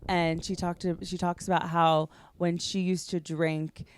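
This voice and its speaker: A woman in her thirties hosting a podcast in casual chat, excitable and rambling with lots of fillers. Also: lowish voice, a little slow, a little hiss or hum. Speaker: podcast host.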